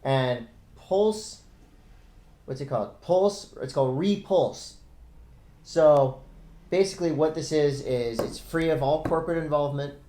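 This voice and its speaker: A man's voice: a little high, measured pace, long pauses, warm tone. A middle-aged man co-hosting a casual podcast, loose and rambling, laughing often. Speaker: podcast co-host. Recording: roomy echo.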